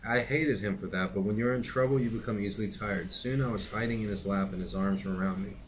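A middle-aged man reading a novel aloud in a steady, unhurried way, with occasional casual asides to his listeners. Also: fairly low pitch, a little hiss or hum, low-quality recording. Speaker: reader and teacher.

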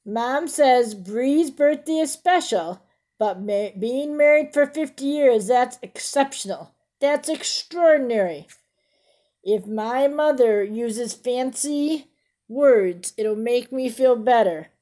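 Slow, mellow woman reading a storybook. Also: on the high side, expressive. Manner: stops often to ask listeners questions about the pictures; explains fancy words simply. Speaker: storybook reader. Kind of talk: reading a picture book aloud to children.

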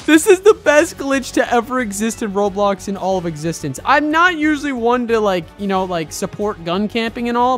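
A young man giving playful, teasing gameplay commentary, chatting to his viewers and breaking into loud excited bursts. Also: sits high. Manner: chatty, talks to viewers as "boys". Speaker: gaming video host.

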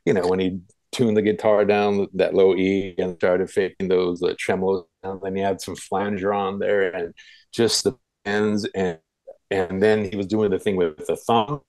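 Deep-voiced man reminiscing casually. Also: little pitch movement, moderate pace, a little mellow, no echo, low-quality recording. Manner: rambling, many fillers and restarts. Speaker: guest. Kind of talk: casual interview recollection.

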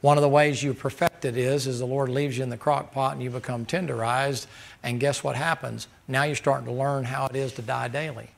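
A man preaching a sermon in a folksy, joking way, breaking into loud laughing bursts. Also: mid-range voice, fairly even intonation, fairly quick, creaky.

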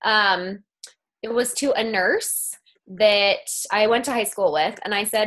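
A woman's voice: medium pitch, takes it slowly, a bit bright. A woman giving an enthusiastic, casual coaching talk on a team call, acting out conversations in her stories. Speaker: guest speaker on a sales team call.

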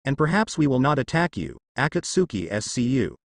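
A man's voice: medium pitch, big pitch swings, a little fast, no echo, studio quality. A man voicing a stern, hostile male ninja commander who snaps and speaks with scorn, in a story reading. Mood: scornful. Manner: scornful, snapping.

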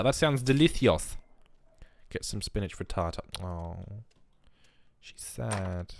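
A man's voice: lowish voice, lively intonation, measured pace, creaky, no room sound, studio quality. Chatty man narrating gameplay. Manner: chatty, mutters reactions to the game. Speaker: let's play host. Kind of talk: gameplay commentary.

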